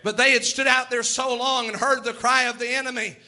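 A man preaching a sermon in a church, impassioned and building to shouts, acting out the voices in his story. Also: extremely high pitch, level tone, fairly quick, hardly any pauses. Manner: plays out quoted voices in his telling.

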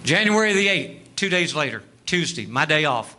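A man preaching a sermon testimony, telling a story, acting out the dialogue and rising to fervent shouts. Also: on the high side, big pitch swings, moderate pace. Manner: storytelling, acts out dialogue, rises to shouting fervor.

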